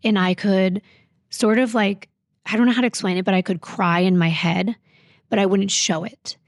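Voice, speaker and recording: A woman guest on a podcast, recounting a painful personal story in a halting, reflective way full of fillers. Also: mid-range voice, steady tone, dry recording, studio quality.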